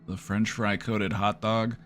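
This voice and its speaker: A man's voice: lowish voice, level tone, unhurried, fairly bright tone. A man streaming live, giving casual joking commentary with wry running reactions. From United States.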